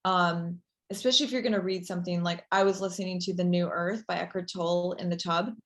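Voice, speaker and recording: A woman being interviewed as a company founder, talking casually and chattily with many fillers, warming into an enthusiastic pitch. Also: fairly even intonation, fast.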